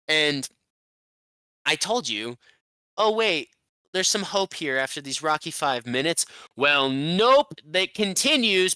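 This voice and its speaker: A man co-hosting a casual sports podcast, recapping a game in animated rants with some swearing. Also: fairly high pitch, clear, resonant tone, no echo. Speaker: podcast co-host.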